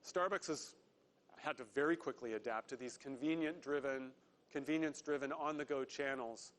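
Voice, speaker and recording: A man giving a prepared corporate investor presentation, earnest, slowing down to stress key words. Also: medium pitch. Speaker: company executive presenter.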